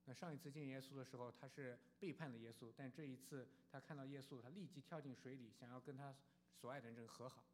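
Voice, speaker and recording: A man interpreting a sermon phrase by phrase, quick and halting, with fillers. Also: medium pitch, steady tone, slight background noise.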